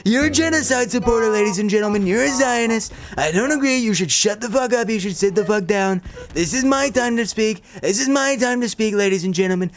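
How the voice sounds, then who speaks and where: A man's voice: sits high, brisk, pitched above the performer's own voice. A man doing a brash, boastful older politician. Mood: domineering. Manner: brash, repetitive, shouting.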